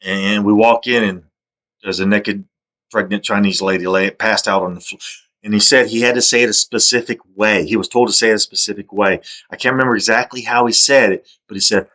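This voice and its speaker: A man's voice: lowish voice, steady tone, brisk, a bit bright. A man delivering a rambling, repetitive and aggrieved personal monologue, sometimes dropping to a mutter. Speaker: video monologuist.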